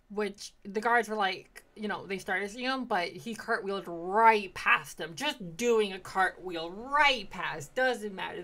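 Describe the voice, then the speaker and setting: A young woman tells the story of her tabletop campaign in a loose, rambling way, cursing freely and dropping into quick quoted lines. Her pitch sits in an ordinary middle range. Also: fairly bright tone. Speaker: player recapping a tabletop campaign. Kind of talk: casual recap of game sessions.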